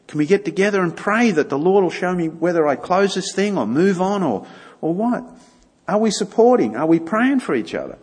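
A man's voice: sits high, breathy edge, long reverb tail. A man giving an informal church talk, chatty and now and then acting out little dialogues. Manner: conversational, acts out little dialogues. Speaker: church speaker.

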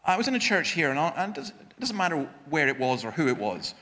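Animated male preacher in an echoey hall. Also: a little high, fast. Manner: emphatic, self-deprecating humor, frequent restarts. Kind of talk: sermon with personal anecdotes.

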